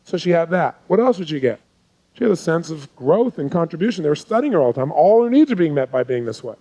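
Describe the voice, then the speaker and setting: Intense man coaching a seminar crowd, slightly high voice. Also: darkish tone, poor audio. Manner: intense, fires rhetorical questions at the audience. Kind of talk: live seminar teaching.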